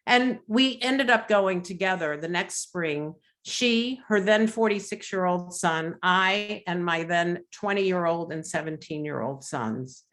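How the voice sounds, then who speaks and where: A woman's voice: on the low side, a bit bright. Reflective middle-aged woman giving testimony. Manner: measured and reflective, with pauses and fillers. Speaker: webinar speaker and author. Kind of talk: personal testimony presentation. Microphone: video call.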